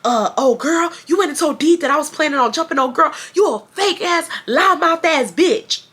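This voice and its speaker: Casting: a woman putting on an enraged teen girl, high and shrill, yelling in someone's face, bright tone. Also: animated, normal speed. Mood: furious yelling. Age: teens. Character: screaming furious teenage girl, ex-best friend.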